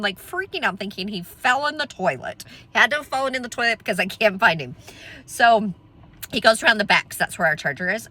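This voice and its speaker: A middle-aged woman tells a story with a lot of expression, her voice swinging up and down as she acts out the people in it. Her voice is bright and a little husky, and she laughs often along the way. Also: mid-range voice. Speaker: vlogger telling a story. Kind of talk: animated storytelling.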